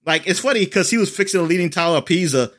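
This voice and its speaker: A man in casual chat, recapping an episode in a rambling way with lots of fillers and lively quoted lines. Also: high voice, fast talker.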